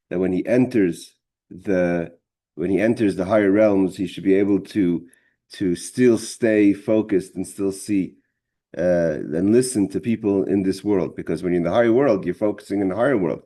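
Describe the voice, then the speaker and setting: Low, mellow male Torah teacher. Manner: halting, repeats words, many fillers. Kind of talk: storytelling in a religious class.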